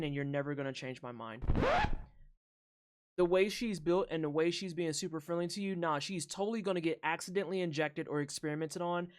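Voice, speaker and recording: A woman streamer reacting to game trailers live, rambling and swearing with animated asides to chat. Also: sits low.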